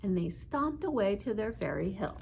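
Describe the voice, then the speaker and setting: A woman librarian reading a children's story aloud with playful, expressive sound words. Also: mid-range voice, moderate pace, creaky, breathy edge.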